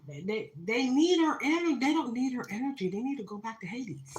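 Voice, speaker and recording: A woman's voice: on the high side, lively intonation, a little fast, echoey room, a little hiss or hum, poor audio. A woman giving a dramatic tarot reading on a live stream, talking straight to her viewers with plenty of fillers. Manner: dramatic, spiritual, talks to viewers, many fillers. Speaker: tarot reader.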